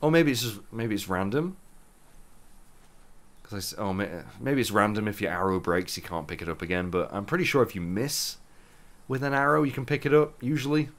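A young man commentating a game playthrough in a chatty way, with loose asides, sounding groggy with a rough morning voice. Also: fairly low pitch, fairly quick. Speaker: gaming YouTuber. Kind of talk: let's play commentary.

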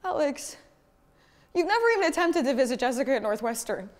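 A woman playing a desperate young woman pleading with her old friend in an acting class scene, intense and at times shouting. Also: high-pitched, animated, a little fast. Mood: confrontational. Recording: reverberant studio room.

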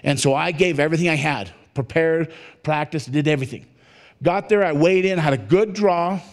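A man giving a motivational keynote talk, telling his story in an animated way and acting out the dialogue. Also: fairly high pitch, normal speed. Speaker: motivational speaker. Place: conference hall at a resort.

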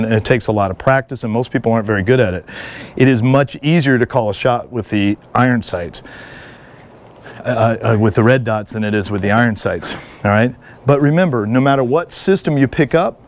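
A middle-aged man teaching a live seminar, an energetic instructor who jokes and tells stories to the class. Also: medium pitch. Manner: energetic, joking storyteller. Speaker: firearms and martial arts instructor.

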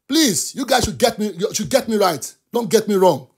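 A man with a Nigerian accent hosts a talk show and gives animated commentary. He is impassioned, mixes English and Yoruba, and keeps breaking into shouts. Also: high voice, moderate pace, slightly rough. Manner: impassioned, switches between English and Yoruba, often bursts into shouts.

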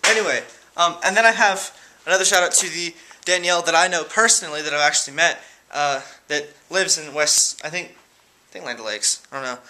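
Young guy vlogger, fairly high, very bright voice, rambling, giggly shout-outs. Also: a little fast. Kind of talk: casual shout-out vlog. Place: room at home.

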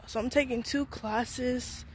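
A woman's voice: on the high side, fairly even intonation, takes it slowly, slight background noise. A young woman, a college student vlogger, venting and rambling casually to her viewers with lots of filler words. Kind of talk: casual vlog talk to camera.

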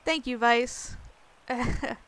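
A woman's voice: on the high side, drawn-out words, fairly bright tone. A woman reading as a grateful young girl. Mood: earnest. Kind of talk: reading game dialogue aloud.

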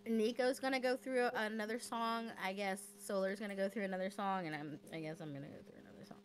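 A woman's voice: mid-range voice, quick pace, a little hiss or hum, rough recording. A woman chatting casually on a call, rambling and filling her talk with "like". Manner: rambling, chatty, filler-heavy. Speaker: friend in a karaoke group.

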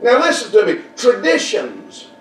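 A man's voice: high-pitched, animated, normal speed. A man preaching a folksy Baptist sermon, repeating phrases and drawing answers from the congregation. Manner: folksy, repetitive, call-and-response preaching. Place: church sanctuary. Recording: echoey church room, distant mic.

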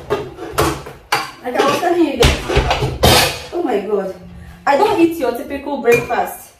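A woman's voice: on the high side, a little mellow, echoey room, distant mic. Nigerian woman vlogging at home. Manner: doting, sing-song baby talk mixed with quick asides to viewers. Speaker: vlogger and mother. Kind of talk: casual home vlog. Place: home kitchen and living room. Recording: noisy home recording.

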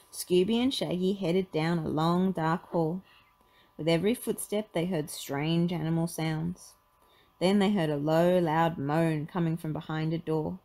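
A woman reading a children's picture book aloud in an expressive storytelling manner. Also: deep voice, unhurried, rough recording.

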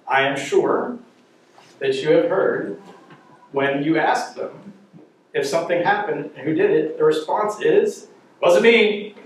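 A middle-aged man with a slightly high voice runs a church parenting class, joking through anecdotes and putting questions to the audience. The room is very echoey, he sounds far from the mic, and there's a little hiss or hum.

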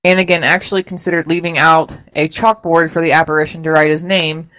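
A woman's voice: deep voice, little pitch movement, a little fast, a bit bright, no room sound, poor audio. A woman co-hosting a radio talk show, reading items from a list aloud in a chatty, casual way. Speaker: radio co-host.

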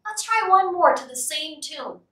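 A woman leading a music and movement program for toddlers, singing simple songs and talking in a slow, sing-song, cheerful way. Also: extremely high pitch, animated, sharp tone, far from the mic. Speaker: children's music program leader. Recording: echoey room, voice a bit off-mic.

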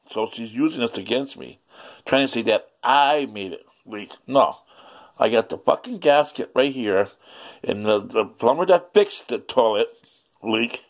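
A man's voice: medium pitch, lively intonation, a little slow. A man vlogging an angry rant, agitated, profane and repetitive.

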